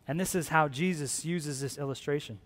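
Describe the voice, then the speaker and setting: A man preaching a lively sermon to a congregation, acting out other people's voices. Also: a little high, brisk. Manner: animated, acts out voices of disciples. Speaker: pastor. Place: large room with a congregation. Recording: long hall reverb.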